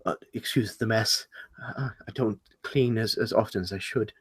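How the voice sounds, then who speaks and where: A man's voice: mid-range voice, lively intonation, quick pace, fairly bright tone, husky. A man voicing a flustered, forgetful human host who stammers and apologizes. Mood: timid.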